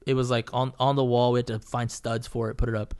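A man's voice: mid-range voice, flat delivery, fast talker, darkish tone, smooth. A man, a painter and podcast guest, telling a story in casual chat, swearing freely and rambling through fillers and restarts.

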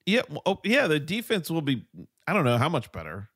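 A man's voice: fairly high pitch, wildly swooping pitch, fairly quick, a bit bright, husky, no echo, clean studio sound. A man hosting a casual sports talk debate, speaking in a loose, rambling way with plenty of fillers.

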